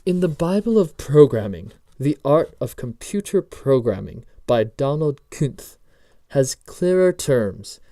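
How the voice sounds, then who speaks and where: A man reading out a commenter's explanation of programming terms in a put-on British accent, stiff and deliberate. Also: mid-range voice, sing-song, warm tone, dry recording, clean studio sound. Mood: lecturing. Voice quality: stiff, deliberate, like a film agent.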